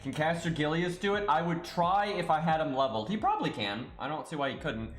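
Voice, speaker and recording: A man's voice: on the high side, lively intonation, quick pace, roomy sound. A man streaming a game live, thinking aloud in loose casual chat and swearing now and then. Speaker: streamer playing a mobile game. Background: faint game music.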